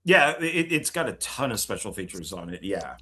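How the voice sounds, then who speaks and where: A man co-hosting a casual film discussion, talking in an animated way, swearing freely and laughing often. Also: fairly low pitch, normal speed. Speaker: film podcast co-host.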